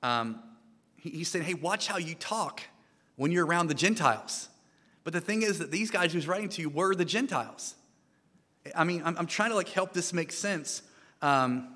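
Brief: American man, guest preacher, bright forceful tone, chatty sermon full of restarts, long hall reverb. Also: a little high. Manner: conversational, animated, frequent restarts and repeated words. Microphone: microphone.

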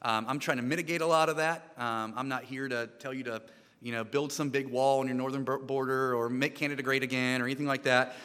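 An American man preaching a sermon into a microphone, in a conversational, animated way with frequent restarts and repeated words. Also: mid-range voice, fast, smooth. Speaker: guest preacher. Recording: long hall reverb.

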